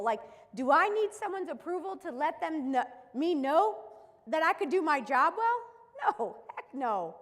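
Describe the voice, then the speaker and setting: A woman mental skills coach delivers an emphatic, preaching motivational talk, firing off rhetorical questions at her listeners. Her voice sits high and carries a long reverb tail, as in a big hall. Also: a bit bright. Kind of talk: motivational live-stream talk.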